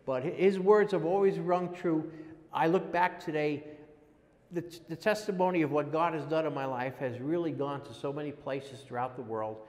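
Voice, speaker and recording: Older man telling his story, halting. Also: fairly high pitch, steady tone, a little mellow, in a large hall. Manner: rambling, halting, with many restarts. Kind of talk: personal testimony.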